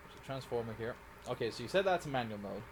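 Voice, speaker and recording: A man's voice: medium pitch, expressive, quick pace, background noise. A Scottish man casually commenting on a live game stream, rambling and correcting himself as he plays. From Scotland. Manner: rambling, self-correcting, giggly.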